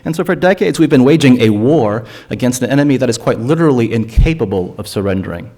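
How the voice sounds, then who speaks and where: Man, mid-pitched, earnest panelist, argumentative, stumbles and repeats words. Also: animated, fast talker, warm tone. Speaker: panelist on drug policy. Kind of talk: forum talk. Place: lecture hall.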